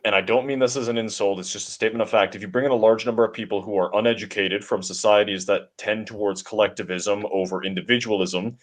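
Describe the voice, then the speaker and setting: Guy cohosting a politics stream, lowish voice, goes on long confident rants. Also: fairly even intonation, quick pace, hardly any pauses. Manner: long, assertive monologues. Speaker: co-host of a political talk stream. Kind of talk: opinionated political commentary.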